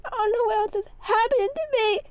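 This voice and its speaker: A woman's voice: very high voice, steady tone, measured pace, a little mellow, no echo, pitched above the performer's own voice. A woman voicing a young male puppy who is frightened and tearful, choking up as he talks.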